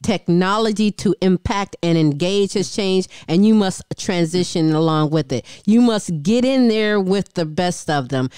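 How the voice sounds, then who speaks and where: Smooth, emphatic woman talk show host. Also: mid-range voice, darkish tone, dry recording, studio quality. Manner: encouraging, emphatic. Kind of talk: casual interview chat.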